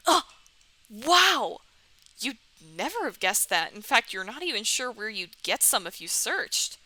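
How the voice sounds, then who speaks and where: A young woman commentating on a dating game she is playing, giggly, sarcastic and expressive. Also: a little high, takes it slowly, long pauses, no echo, rough recording. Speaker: let's-play host. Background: faint music.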